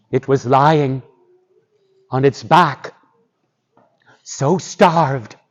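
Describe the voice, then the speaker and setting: A male storyteller telling a folktale live to schoolchildren, animated and drawing the audience in. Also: fairly high pitch, muffled recording.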